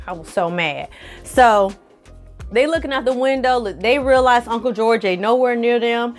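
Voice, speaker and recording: A woman recapping an episode in a casual vlog, animated and profane, acting out the characters' lines as she tells it. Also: on the high side, normal speed, faint music behind. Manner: animated, profane storytelling with acted-out quotes. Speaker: film review vlogger.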